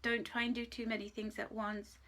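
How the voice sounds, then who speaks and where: A woman giving a live angel card reading in a gentle, reassuring way. She is emotional, laughs often, and at times drops to a soft whisper. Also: on the high side, little pitch movement, fairly quick.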